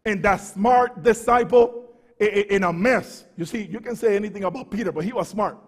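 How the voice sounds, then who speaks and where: A man preaches with fervor, his voice sitting high for a man and dropping to low, quick asides before rising to shouts. He repeats and stumbles over words as he builds. Long reverb from a large church hall trails behind him. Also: slightly rough. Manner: fervent preaching, swings from quiet to shouting. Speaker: pastor. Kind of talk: sermon.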